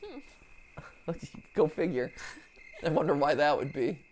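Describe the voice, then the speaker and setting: A woman hosting a let's play, jokey and excitable, laughing often and slipping into silly voices, over light background noise. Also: deep voice, slow. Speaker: host.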